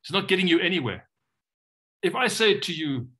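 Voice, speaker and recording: Male trainer, bright and lively delivery, teaches by acting out sample questions on a video call. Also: a little high, fast talker. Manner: animated, acts out questions in different voices. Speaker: coaching trainer. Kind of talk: online training session.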